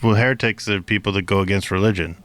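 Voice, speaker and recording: A man's voice: lowish voice, fairly even intonation, quick pace, a bit bright, no echo. A man co-hosting a casual podcast, quizzing his partner and explaining things playfully. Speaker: podcast co-host. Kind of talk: casual chat.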